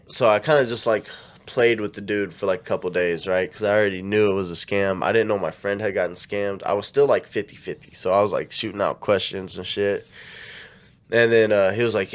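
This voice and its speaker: A man's voice: fairly low pitch, fairly quick. Slangy man telling a story animatedly. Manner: animated storytelling, acts out quotes, slangy and profane. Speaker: storyteller in casual conversation. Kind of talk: casual chat.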